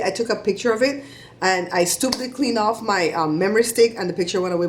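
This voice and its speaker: Chatty woman vlogger, low voice. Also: a little hiss or hum. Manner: chatty, animated storytelling with laughs. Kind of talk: casual shout-outs to viewers.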